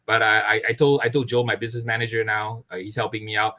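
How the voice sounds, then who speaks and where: A man's voice: fairly low pitch, level tone, fast, bright, forceful tone. A man, a barbecue pitmaster, chatting as an interview guest, earnest and expansive, laughing often. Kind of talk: casual interview chat.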